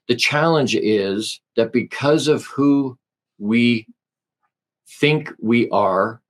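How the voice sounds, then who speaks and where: A man talking earnestly as a podcast guest, halting and restarting as he tells spiritual stories. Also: mid-range voice. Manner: halting, with many restarts and fillers. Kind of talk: casual conversation.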